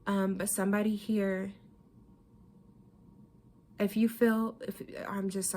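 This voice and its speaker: A woman's voice: medium pitch, little pitch movement, slow pace, long pauses, darkish tone. A young woman giving a tarot reading, emotional and casual, often repeating herself and swearing freely. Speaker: tarot reader. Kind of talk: pick-a-card tarot reading.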